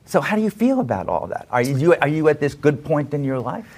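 A man interviewing a guest in a warm, supportive way. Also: fairly high pitch, big pitch swings, a little fast. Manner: encouraging, supportive. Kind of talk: interview questions.

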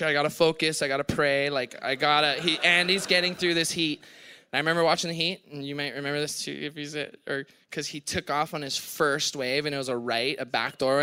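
Young Hawaiian guy, Hawaiian accent, clear bright tone, breathless laughing storyteller at a live show. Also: on the high side. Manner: laughing, breathless retelling with voiced quotes. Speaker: podcast guest. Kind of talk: animated storytelling on stage. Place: live event on stage.

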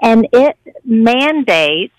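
Assertive woman caller, higher voice. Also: big pitch swings, drawn-out words, dry recording, poor audio. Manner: organized, assertive. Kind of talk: call-in radio talk.

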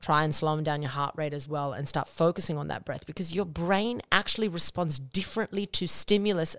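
Solo podcast host, a woman with a low voice; chatty, blunt, drops swear words, recorded dry and close. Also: fairly even intonation, a little fast, a bit bright, no echo. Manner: chatty and frank, swears freely. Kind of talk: casual solo podcast talk.

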